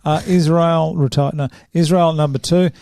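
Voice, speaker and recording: A man's voice: on the high side, steady tone, moderate pace, creaky, a little mellow, dry recording, studio quality. A man hosting a casual sports chat, laughing often and giving his picks. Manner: laughs often, says "I reckon" a lot. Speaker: podcast host.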